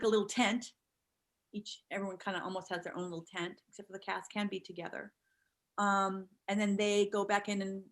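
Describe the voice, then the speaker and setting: Animated middle-aged actress telling stories. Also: female voice, medium pitch. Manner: animated storyteller, acts out quotes. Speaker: guest actor. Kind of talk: casual interview chat.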